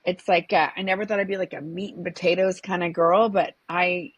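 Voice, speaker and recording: A woman's voice: fairly low pitch, steady tone, fairly quick, slightly rough, dry recording, muffled recording. A woman guest, a comedian and presentation coach, speaking in an upbeat, enthusiastic way in a casual interview.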